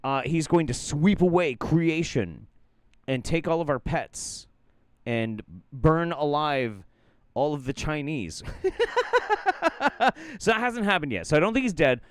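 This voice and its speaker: A man's voice: a little high, lively intonation, measured pace, clear, resonant tone, no room sound, studio quality. A man hosting a show of reaction clips, joking in a profane, playful and exaggerated way as he comments. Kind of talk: casual comedic commentary.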